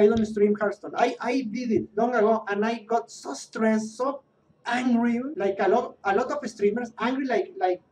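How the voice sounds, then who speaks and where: A man's voice: very high voice, a little mellow. Exasperated man ranting. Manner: exasperated, repetitive, swearing, restarts often. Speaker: Twitch streamer. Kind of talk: rant about a card game. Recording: distant mic with faint background noise.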